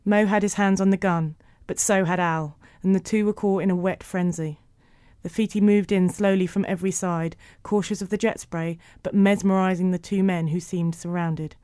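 Woman narrating a storybook, even measured telling, crisp clear voice. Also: fairly low pitch, no echo, studio quality.

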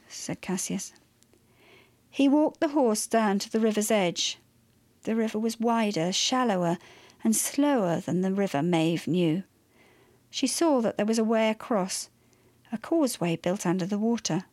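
A woman narrating a children's story in a lively, expressive way. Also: medium pitch, measured pace, dry recording.

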